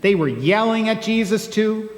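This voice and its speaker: A man speaking as a humble, plainspoken male donkey, folksy and wry, in a slow homey way. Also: high voice, animated, pitched above the performer's own voice. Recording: echoey church hall.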